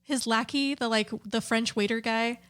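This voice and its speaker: Giggly, animated young woman co-host. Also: on the high side, moderate pace, smooth. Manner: giggly, animated, swears casually. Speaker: podcast co-host. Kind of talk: casual chat.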